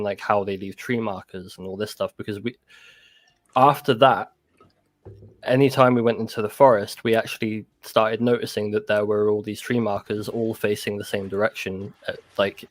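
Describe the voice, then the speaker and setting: Halting man telling his story. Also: fairly low pitch, no room sound. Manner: halting, full of restarts and "like". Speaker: guest recounting an encounter. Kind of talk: casual conversational storytelling.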